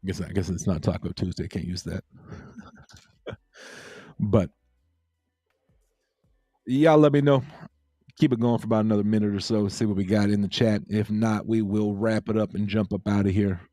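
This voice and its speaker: Male livestream host, low mellow voice, loose repetitive chatter, dry close mic. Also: moderate pace, long pauses, no echo. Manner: laid-back, repeats himself, reads chat aloud. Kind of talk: casual livestream chat with viewers.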